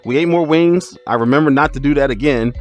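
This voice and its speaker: A man telling a funny storytime as a streamer, animated, laughing and exclaiming as he goes. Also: a little high, brisk, soft background music. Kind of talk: storytime vlog.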